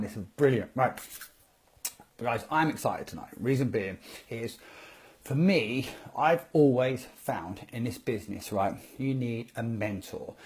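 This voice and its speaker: A man's voice: mid-range voice, animated, unhurried, darkish tone. Upbeat man hosting a live stream. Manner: upbeat, greets viewers by name, rambling. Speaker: network marketing presenter. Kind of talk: casual Facebook Live talk.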